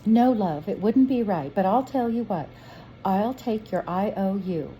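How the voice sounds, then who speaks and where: A woman's voice: medium pitch, expressive, measured pace, mellow, a little hiss or hum, lightly acted, rough recording. A woman reading aloud from a storybook, voicing a kindly older woman who keeps a sweet shop, with a homely, motherly manner.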